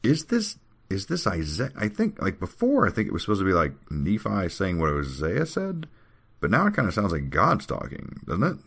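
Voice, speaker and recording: A man's voice: low voice, wildly swooping pitch, moderate pace, creaky, fairly bright tone, slightly rough. A podcast host, a man, reading scripture aloud and breaking off into wry joking asides in casual chat.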